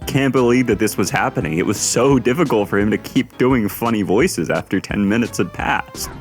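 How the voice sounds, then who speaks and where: A man doing voice-over commentary on stream clips, halting and stumbling over his words. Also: on the low side. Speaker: video commentator. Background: faint background music.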